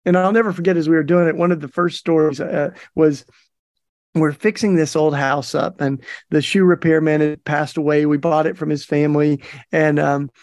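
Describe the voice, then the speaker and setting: Gravelly middle-aged man telling stories. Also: a little high, fairly even intonation, moderate pace, darkish tone, dry recording. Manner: chatty, folksy, lots of fillers and laughs. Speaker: podcast host. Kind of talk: casual storytelling monologue.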